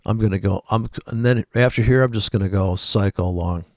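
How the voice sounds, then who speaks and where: Low-voiced man rambling over charts. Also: a little fast, darkish tone, no room sound, studio quality. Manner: rambling, profane, thinking aloud. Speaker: trading video host. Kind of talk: casual live chart commentary.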